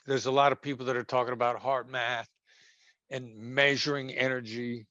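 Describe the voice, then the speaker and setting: A man being interviewed as a former hostage negotiator, talking conversationally and acting out tones of voice that move between gentle and sharp. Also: mid-range voice, level tone, moderate pace, no echo, muffled recording.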